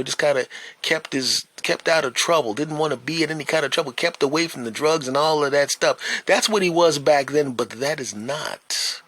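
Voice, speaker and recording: A man's voice: medium pitch, a bit bright, no echo. A man, a stand-up comedian hosting a podcast, telling a casual story and checking in with "right?" and "you know.".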